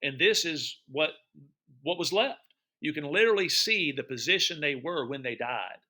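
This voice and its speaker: Middle aged guy teacher showing vacation slides, super bright voice, chatty, quizzes the class. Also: fairly high pitch, animated, normal speed. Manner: chatty, enthusiastic, repeats words and quizzes listeners. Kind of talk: narrating a travel photo slideshow for students.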